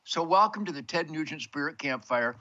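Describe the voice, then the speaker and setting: An older man hosts a rambling, bombastic monologue from his home man cave, emphatic and packed with big words and wordplay. His voice is a little high, animated, fairly quick, and bright with a forceful tone, though the audio sounds dull.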